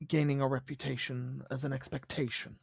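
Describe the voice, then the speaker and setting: A gentle young woman speaks low and hushed, shy and fond of the one she addresses, as the game master puts her on. Her voice sits lower than the narrator's own, with a dry, close sound. She is a tabletop game character. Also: flat delivery, brisk, vocal fry, breathy edge, no echo. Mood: tender, quiet. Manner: soft and hushed. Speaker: non-player character.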